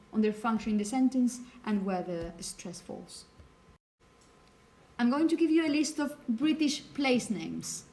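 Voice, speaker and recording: A woman whose first language is Spanish, teaching a phonetics lecture to a class and checking in with "okay?" as she explains. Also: a little high.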